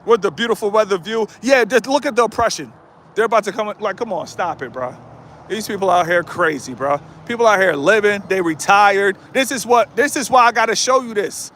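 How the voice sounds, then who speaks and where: Walking through a residential neighborhood as cars pass, a US YouTuber in his late thirties live-streams a rant, telling viewers over and over, bluntly, to toughen up. His voice sits high and sounds a bit bright, his pace is brisk, and a faint hiss or hum is audible.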